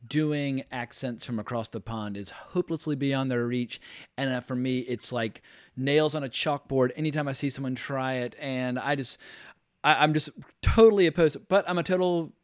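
A man hosting a podcast, talking about films in an opinionated, emphatic, animated way. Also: mid-range voice, normal speed, clean tone, no room sound, clean studio sound. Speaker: podcast host. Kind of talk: casual film discussion.

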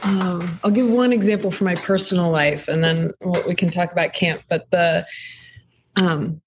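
A woman's voice: fairly low pitch, normal speed, breathy edge. A woman in her thirties, a podcast guest and camp co-founder, telling a story in a thoughtful, conversational way with frequent ums. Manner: thoughtful, frequent ums, animated when retelling.

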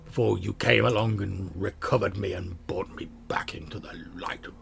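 A man's voice: low-pitched, fairly even intonation, moderate pace, a bit bright, slight background noise, full character voice. A man whispering as an ancient talking sword, whispered role-play. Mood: wistful. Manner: breathy, unvoiced whisper. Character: ancient talking sun sword, male, weary.

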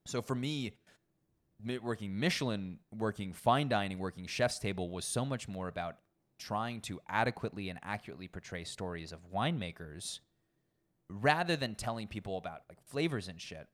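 A young man, a sommelier, telling work stories in a casual interview, animated and acting out the people he quotes. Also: lowish voice, moderate pace. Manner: animated, acts out quoted people, frequent swearing. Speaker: guest sommelier.

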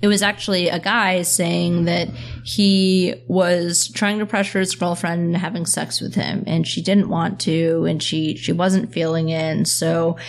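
A woman hosting a podcast, talking earnestly in quick bursts with lots of "like" and "you know" fillers. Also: fairly low pitch, little pitch movement, gravelly. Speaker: podcast host. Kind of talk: casual podcast discussion.

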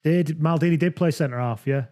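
Guy rambling about old football games on a podcast, warm dark voice, keeps restarting sentences. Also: fairly high pitch, normal speed. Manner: relaxed, rambling, self-correcting. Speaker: podcast host. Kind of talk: casual football chat.

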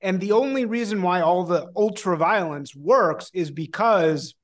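A man's voice: high-pitched, unhurried. A man guesting on a podcast as a film analyst, talking animatedly, filling his speech with "like" and casual swearing. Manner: animated, swears often, lots of "like". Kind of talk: casual conversational podcast chat.

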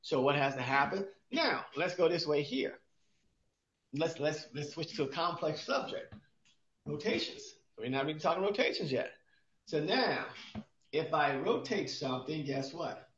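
A man's voice: a little high, sing-song, measured pace, fairly bright tone, slight background noise. A man co-hosting a podcast, explaining exercise in casual chat, asking himself rhetorical questions and restarting often. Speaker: podcast co-host, exercise expert. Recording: roomy, dull lo-fi sound.

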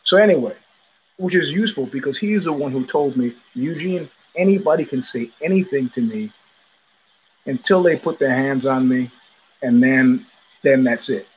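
A man hosting a podcast, telling a story in a loose, animated way and acting out the voices of the people in it. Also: mid-range voice, moderate pace, breathy edge, rough recording. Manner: animated, profane, acts out quoted voices. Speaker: podcast host. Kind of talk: casual storytelling monologue. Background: child heard in the background.

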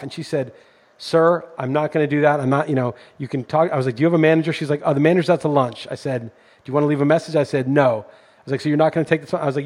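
His voice is fairly high yet darkish, steady in tone, and very fast. This middle-aged podcast host tells an indignant story in casual chat, his intensity climbing as he rants.

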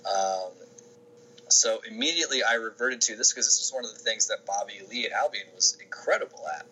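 A man's voice: lowish voice, a little fast, sharp tone, a little hiss or hum, low-quality recording. A man, a sports information director, answering interview questions in a casual, rambling way with many restarts and fillers.

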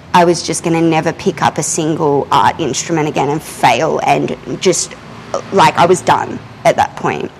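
A young adult woman, telling a candid personal story in a casual, animated way while she works in her art studio. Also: on the low side, creaky, a little hiss or hum, poor audio. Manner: animated, candid, often swears and laughs. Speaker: artist and podcast host. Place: art studio, drawing and climbing ladders while talking.

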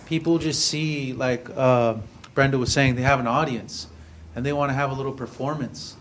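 A man's voice: mid-range voice, steady tone, normal speed, slight background noise. A man in the audience making a wry, mocking point in casual talk. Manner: wry, mocking show-offs. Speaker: audience member. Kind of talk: casual chat.

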